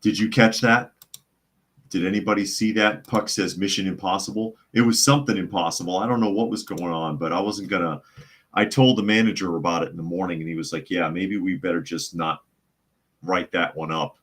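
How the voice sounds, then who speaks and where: A man's voice: sits low, a little fast, a bit bright. A man hosting a live podcast, chatting casually, reading viewer comments aloud and telling long, rambling stories in which he acts out the other people's voices. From United States. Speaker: podcast host.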